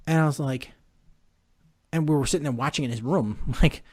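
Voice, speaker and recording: A man co-hosting a sports podcast from a room at home, retelling a story animatedly with halting restarts. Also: on the high side, dry recording, studio quality. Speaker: podcast co-host. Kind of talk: casual sports chat.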